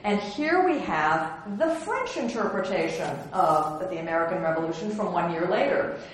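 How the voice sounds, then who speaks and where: A woman's voice: on the low side, very animated, normal speed. A woman giving a slide lecture on historical prints, chatty and wry, with many ums and restarts. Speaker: museum curator giving an illustrated lecture. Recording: very echoey room with faint hiss.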